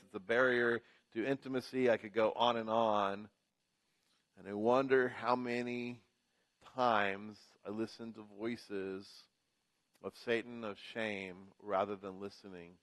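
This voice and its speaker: A pastor preaching a sermon in church, building emphasis through rhythmic repetition. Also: male voice, medium pitch, a bit bright.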